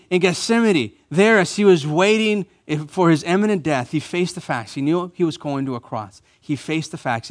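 A man preaching a sermon as a pastor in a church, emphatic, repeating key phrases and rising to louder bursts. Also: on the high side.

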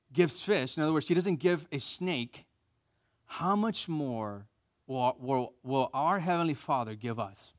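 An American man delivers a sermon in a slightly high voice, animated and emphatic. He repeats key phrases and pulls the congregation into call-and-response. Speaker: preacher.

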